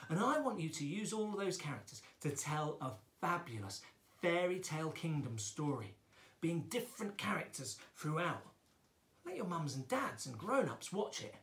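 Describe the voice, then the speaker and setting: Role: children's drama teacher. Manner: chatty, playful. Pitch: lively. Room: echoey. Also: male voice, moderate pace.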